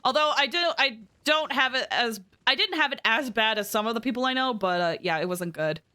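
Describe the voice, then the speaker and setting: Chatty high-voiced woman streamer. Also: a little fast, pushed and bright. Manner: chatty, giggly, rambling. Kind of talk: casual live-stream chat.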